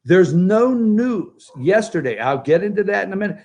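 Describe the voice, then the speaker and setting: A man hosting a political opinion show from home by a pool, remote from the studio, talking in a sarcastic, jokey and animated way. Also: high-pitched, normal speed, dull audio. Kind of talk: opinionated talk-show commentary.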